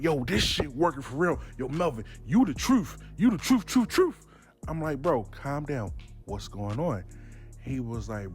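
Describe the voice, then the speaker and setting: A man telling a casual story, acting out both sides of a dialogue. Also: medium pitch. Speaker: storyteller host.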